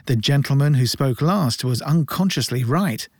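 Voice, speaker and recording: A man reads a classic novel aloud at a measured pace with a gently ironic touch. His voice sits at an ordinary middle pitch, and the recording is dry and close with no room sound. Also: lively intonation, dry recording. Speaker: audiobook narrator. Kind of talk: scripted narration.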